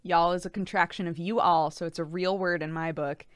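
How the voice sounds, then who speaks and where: Woman streamer, lively and laughing, smooth voice, dry close sound. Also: on the low side, brisk, no room sound. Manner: giggly, animated, says "like" a lot. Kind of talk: casual chat reading stream chat.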